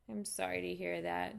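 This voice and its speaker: A woman who teaches yoga, chatting casually with viewers on a live stream, unhurried and loose with fillers and restarts. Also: fairly low pitch, creaky.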